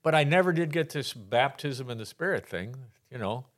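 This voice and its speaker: An older man from Texas shares his personal faith story as a podcast guest. He tells it in a lively way, slips into the voices of the people in his anecdotes and laughs often. His voice sits at an ordinary pitch for a man. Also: moderate pace.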